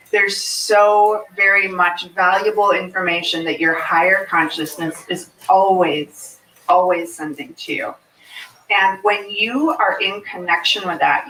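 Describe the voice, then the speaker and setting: Bright-voiced woman explaining, echoey and distant. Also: medium pitch, slight background noise. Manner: earnest, often checks in with "okay?". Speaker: hypnosis practitioner. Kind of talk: explanatory talk to a fair audience. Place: fair venue, indoors. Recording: echoey room, mic far off.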